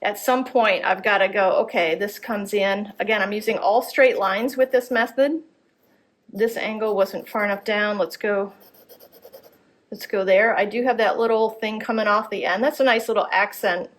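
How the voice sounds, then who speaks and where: A woman art instructor gives a live drawing demonstration at a gallery workshop. She thinks aloud as she works, checking and correcting her shapes in a mid-pitched voice. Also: steady tone, normal speed.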